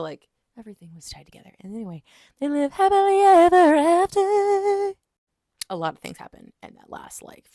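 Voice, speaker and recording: Gravelly-voiced woman gushing over a book. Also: on the low side, no room sound, clean studio sound. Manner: animated retelling with quick character voices. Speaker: book reviewer. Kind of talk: casual book review monologue.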